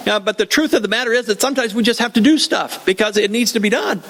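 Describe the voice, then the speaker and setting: A man's voice: high-pitched, brisk, few pauses, fairly bright tone. An older man preaching a sermon in a church, conversational and joking, often repeating his phrases. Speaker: pastor.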